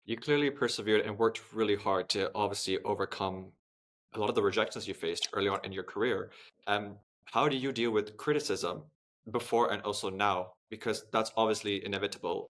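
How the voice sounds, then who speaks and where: A man hosting a podcast, asking a guest questions in a measured, supportive way. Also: lowish voice, a bit bright. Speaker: podcast host. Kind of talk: interview questions.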